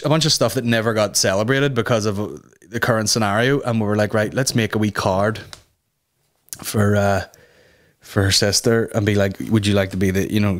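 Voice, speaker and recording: A young man, hosting a comedy podcast as a sweary, rambling storyteller who jumps into high mock voices. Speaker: podcast host. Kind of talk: casual comedic monologue.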